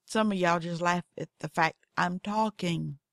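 A woman's voice: fairly low pitch, a little slow, vocal fry, no room sound, clean studio sound. A woman with a Southern accent hosting a podcast, telling goofy, folksy stories in casual monologue. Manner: goofy, folksy, acts out her cats in voices. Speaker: podcast host.

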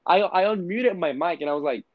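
A man's voice: sits high, brisk, dry recording. A man, co-hosting a podcast in casual chat and telling stories with lots of swearing. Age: 20s. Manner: animated storytelling, mimics gamers with profanity. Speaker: podcast co-host. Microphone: podcast microphone. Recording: dull lo-fi sound.

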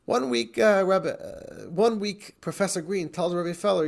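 A man with a fairly high voice that has a gravelly fry teaches a class. He tells the story with animation and acts out each quote. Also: moderate pace. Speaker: Torah teacher.

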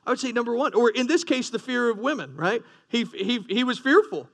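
High-voiced man preaching earnestly. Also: expressive, brisk, gravelly, fairly bright tone. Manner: earnest preaching with rising emphasis and repeated restarts. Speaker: pastor. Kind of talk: sermon.

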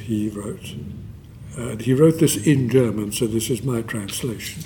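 A man giving a formal memorial lecture, measured and deliberate, with pauses and fillers and a dry scholarly wit. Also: mid-range voice, mellow, slight background noise.

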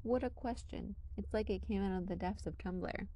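A woman's voice: mid-range voice, normal speed, warm tone, lightly acted. Woman voicing a cheerful, joking young man. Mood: gleeful. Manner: boisterous, gloating.

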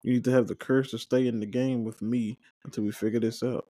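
A man's voice: medium pitch, little pitch movement, fast, warm tone, no echo, studio quality. Casual man recapping a show. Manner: paraphrases scenes, quotes characters with brief joking asides. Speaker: watch-along podcast host. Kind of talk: casual recap, reading dialogue aloud.

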